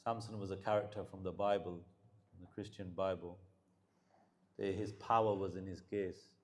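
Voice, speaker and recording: A man's voice: sits low, level tone, moderate pace, darkish tone, roomy sound. A man giving a religious talk, telling stories and mixing English with Punjabi phrases, growing more emphatic as he preaches. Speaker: Sikh preacher.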